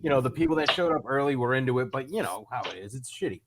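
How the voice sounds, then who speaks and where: A comedian from Rhode Island telling a long story in casual chat, acting out both sides of the conversation. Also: male voice, mid-range voice, expressive, very fast, very noisy. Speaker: comedian guest.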